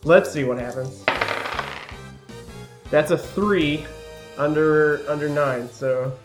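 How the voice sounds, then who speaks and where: A man playing a tabletop role-playing game, animatedly describing his character's actions with quick restarts and laughter. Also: a little high, music in the background. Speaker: player.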